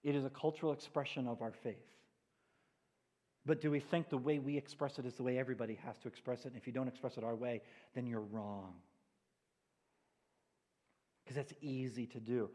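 A man preaching as a pastor, telling stories with animated asides in a church sanctuary. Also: mid-range voice, a little fast, long pauses. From New England. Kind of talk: sermon. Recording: long church hall reverb.

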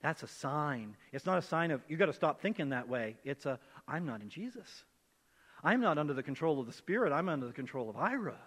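Male pastor, conversational sermon, slightly high voice, echoing church hall. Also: brisk. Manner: conversational, animated, acts out voices in quotes.

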